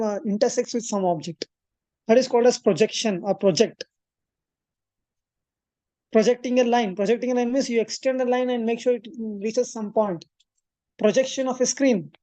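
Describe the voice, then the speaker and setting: A woman's voice: a little high, dark tone, dry recording. A woman, teaching a maths coaching class and working through a proof step by step, thinking aloud with fillers and corrections. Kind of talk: classroom lecture at a board.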